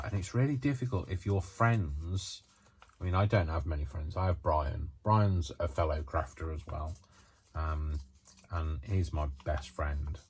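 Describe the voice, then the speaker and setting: This craft vlogger has a low voice, with a faint hiss or hum in the recording. He talks casually to the camera as he works on a craft, rambling and hesitating with plenty of ums and false starts, and he yawns often.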